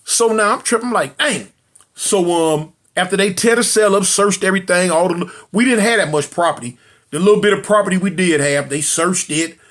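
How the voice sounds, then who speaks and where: Lively high-voiced man telling a story. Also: a little fast. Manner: animated, repeats phrases, acts out quotes. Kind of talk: casual prison storytelling.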